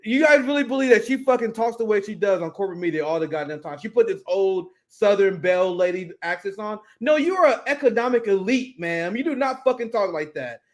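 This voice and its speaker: A man co-hosting a political commentary show, talking bluntly and swearing a lot in casual, animated chat. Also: sits high. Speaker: co-host.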